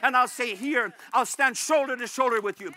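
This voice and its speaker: A male pastor preaching a fervent sermon, repeatedly addressing the congregation as brethren and rising to shouts at the peaks. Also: very high voice, normal speed. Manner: rises to shouts at climaxes.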